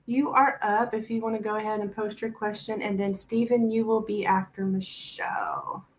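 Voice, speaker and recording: A woman's voice: mid-range voice, sing-song, normal speed. Chatty woman reading tarot. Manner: chatty, thinks aloud with many "like"s. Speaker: tarot reader. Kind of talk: live-stream tarot reading, chatting with viewers.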